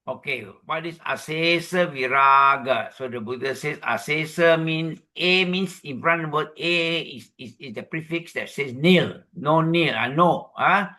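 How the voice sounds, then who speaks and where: Man, Malaysian English accent, Buddhist teaching talk, fairly high voice, bright and forceful tone, slow Pali recitation. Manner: explanatory, checking in with "okay?" and "huh?"; slow measured chanting of Pali verses. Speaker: Dhamma speaker.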